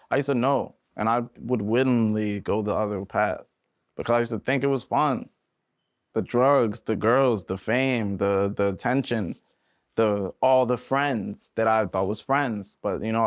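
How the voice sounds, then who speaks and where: A man's voice: lowish voice, dry recording, studio quality. A young man, a musician guest on a podcast, telling stories in a casual, slangy way and acting out voices. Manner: animated, slangy, acts out voices in his stories. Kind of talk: casual storytelling.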